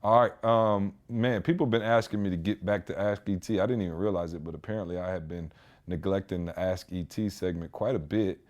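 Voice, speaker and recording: A man hosting a podcast, telling stories in casual chat with slangy, animated delivery. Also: deep voice, fairly quick. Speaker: podcast host.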